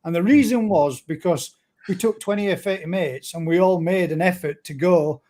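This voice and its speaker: A man's voice: high-pitched, normal speed, darkish tone. A man hosting a casual live-stream chat, friendly and calling people mate. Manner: chatty, friendly, calls everyone mate.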